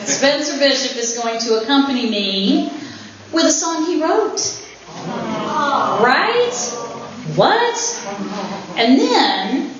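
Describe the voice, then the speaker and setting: A woman's voice: a little high, noisy background. Woman giving a joking party speech in an echoey room. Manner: joking, laughs often. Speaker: speaker at her own anniversary party. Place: winery event room. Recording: very echoey, dull room recording with ambience.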